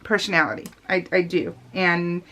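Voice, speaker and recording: A middle-aged woman chatting casually in a rambling, animated way, laughing often and using lots of fillers. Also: lowish voice, normal speed. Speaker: scrapbooking vlogger.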